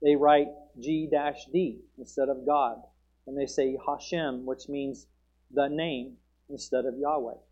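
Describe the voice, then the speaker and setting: A man preaching a sermon, moving between relaxed Bible teaching and loud proclaiming. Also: unhurried. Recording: muffled low-fidelity sound.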